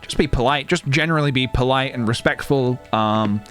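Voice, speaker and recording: A man streaming a game and chatting casually, rambling with many pauses and restarts. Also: mid-range voice, fairly bright tone. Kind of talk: casual gameplay stream chat. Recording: game music playing behind.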